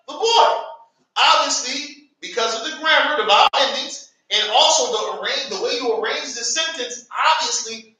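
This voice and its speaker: A man's voice: extremely high pitch, sharp tone. An American man teaching an Arabic grammar class, calling on students and having them repeat words after him. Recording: echoey classroom, from far off.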